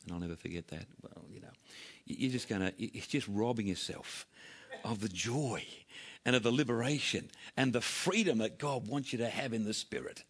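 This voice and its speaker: A man preaching a Sunday sermon, his voice sitting in an ordinary middle register. He is animated, lifting high and loud when he reads scripture aloud. He sinks to near-whispered asides for the tender moments. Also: moderate pace, breathy edge. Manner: animated, swinging from loud emphatic readings to quiet hushed asides. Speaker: pastor.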